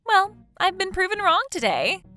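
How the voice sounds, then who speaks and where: A woman's voice: extremely high pitch, big pitch swings, moderate pace, pushed and bright, faint music behind, heavily acted. A woman voicing a smug, scheming woman in a text message story, taunting and laughing mockingly. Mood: gloating. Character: smug scheming woman who stole her friend's husband.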